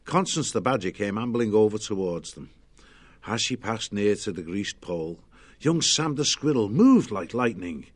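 A man with a voice on the low side narrates a children's storybook at a moderate pace, lively and expressive.

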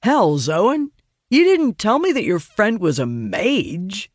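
A man's voice: high-pitched, very animated, slow, dry recording, studio quality, voice pushed up, exaggerated voice. A man doing a brash, cocky young ranger. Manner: unrefined and cocky.

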